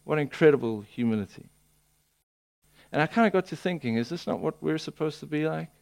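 A man preaching a sermon, telling the story with lively voicing of people. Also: fairly high pitch, brisk, vocal fry.

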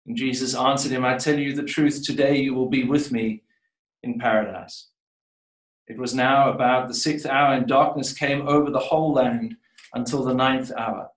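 A man delivers a scripture reading and sermon in a reflective, circling manner, restarting and repeating words as he works toward each point. His voice sits at a middle pitch. It carries from some distance across an echoing church sanctuary. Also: fairly even intonation, normal speed. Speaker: preacher. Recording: echoey room, voice from a distance.

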